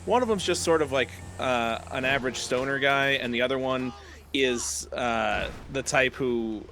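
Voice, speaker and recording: A man co-hosting a live game stream, chatting casually and animatedly, his voice leaping up when excited and laughing often. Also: mid-range voice, normal speed, a little hiss or hum. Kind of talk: casual chat.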